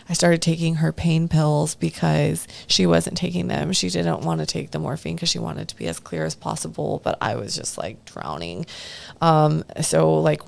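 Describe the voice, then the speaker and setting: A woman's voice: low-pitched, vocal fry, a little mellow. A woman guest on a podcast, speaking casually and candidly about her past, swearing now and then and acting out what others said. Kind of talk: candid personal storytelling.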